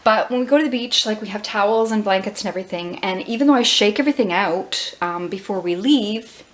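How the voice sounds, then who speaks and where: A woman's voice: medium pitch, fairly quick. A woman home vlogger talking casually in a flustered, rambling way, her voice shaken and trembling. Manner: rambling, flustered, many fillers and restarts. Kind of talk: casual rambling vlog talk.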